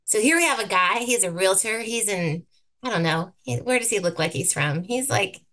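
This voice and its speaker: Woman, live slide presentation, upbeat, brisk, repeats words for emphasis, bright edge, computer mic. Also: medium pitch, expressive. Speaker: guest presenter teaching thumbnail design.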